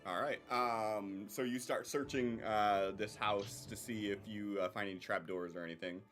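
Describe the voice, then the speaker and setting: A man's voice: fairly low pitch, steady tone, normal speed, fairly bright tone, soft background music. A man narrating as game master of a tabletop game, hesitant and full of ums and uhs.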